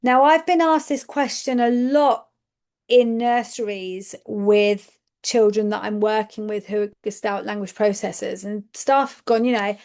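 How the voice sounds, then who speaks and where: A woman's voice: mid-range voice, fairly even intonation, measured pace, darkish tone, clear, resonant tone. A woman, a speech and language therapist giving a webinar presentation to educators, explaining step by step, checking in with her listeners and repeating words for emphasis.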